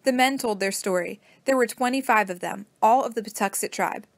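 A woman reading a children's storybook aloud as narrator, in a steady, plain manner. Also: medium pitch, fairly quick, gravelly, no room sound.

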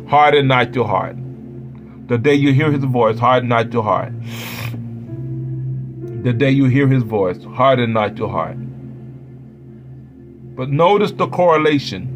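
A man preaching a sermon, chanting repeated phrases that build up into shouted peaks. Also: mid-range voice. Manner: chanting repetition, rising to shouts. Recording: preaching over loud music.

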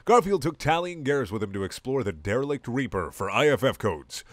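A man giving a mock-serious dramatic reading, deadpan, who swears at his own slips. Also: medium pitch, a little fast, no room sound. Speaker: reader of comedy fan fiction.

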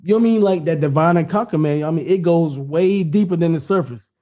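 Middle-aged man, slightly high but mellow voice, rambling, blunt podcast regular. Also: quick pace. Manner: rambling, repeats "you know what I'm saying", blunt and profane. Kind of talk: casual podcast chat.

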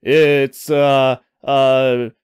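A man's voice: on the high side, very animated, measured pace, no echo, clean studio sound. A man voicing a flustered young male time traveller who stammers and rambles through excuses.

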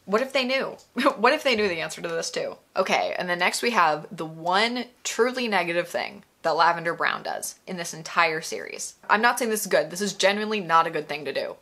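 A woman talks through a video essay in casual, emphatic commentary. Her voice sits a little low but sounds bright and forceful. She keeps asking pointed, exasperated rhetorical questions, with plenty of "like" in between. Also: expressive, a little fast, hardly any pauses. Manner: casual, filler-heavy with frequent "like".

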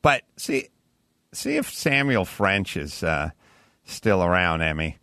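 A man's voice: sits low, sing-song, slow, sharp tone, smooth, dry recording, clean studio sound. A man hosting a podcast, telling rambling, profane anecdotes in casual chat. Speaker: podcast host.

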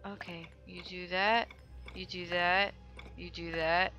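A young woman giving casual gameplay commentary, chatty and excitable, with loud outbursts and some swearing. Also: on the low side, takes it slowly, highs cut off, faint music behind. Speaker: let's play gamer.

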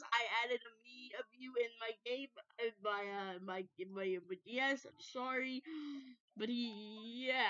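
A woman rambling through casual game commentary, excitable and prone to sudden loud outbursts. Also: a little high, unhurried, clean tone, dry recording. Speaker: gameplay commentator. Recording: dull lo-fi dry recording.

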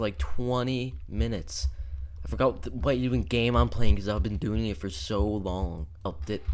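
A young man narrates his let's-play in a loose, joking, profane ramble. His voice sits a little low, and he keeps jumping into sudden startled shouts. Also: fairly even intonation, normal speed. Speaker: gaming YouTuber. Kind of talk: casual let's-play commentary.

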